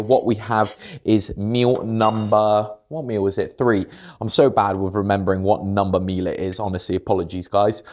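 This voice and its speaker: A man's voice: deep voice, darkish tone. A young man, chatting casually and rambling a little as he vlogs his day of fitness and food. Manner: rambling, chatty, self-correcting. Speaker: fitness vlogger. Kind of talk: casual vlog chat.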